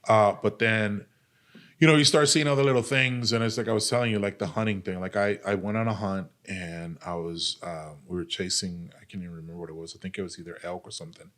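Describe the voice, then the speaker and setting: Very low in pitch yet a bit bright, this army veteran speaks fast with fairly even intonation as a podcast guest. Blunt, profane, and leaning heavily on "like" and "dude," he earnestly and candidly shares his story of pain and recovery.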